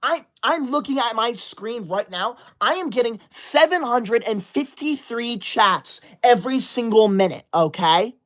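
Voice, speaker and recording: A woman's voice: a little high, lively intonation, a little slow, few pauses. Indignant woman scolding her livestream chat. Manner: indignant, scolding chat, reading comments aloud. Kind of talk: casual live stream chat. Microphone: laptop setup.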